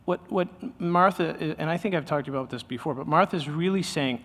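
A man's voice: a little high, lively intonation, a little fast, few pauses, fairly bright tone. Chatty man preaching in a hall. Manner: conversational, self-interrupting, with many restarts. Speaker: pastor. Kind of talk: sermon.

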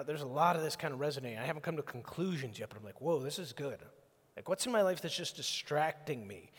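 A man preaching a sermon in a conversational, animated way, acting out little exchanges as he goes. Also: a little high. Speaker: pastor. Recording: long hall reverb.

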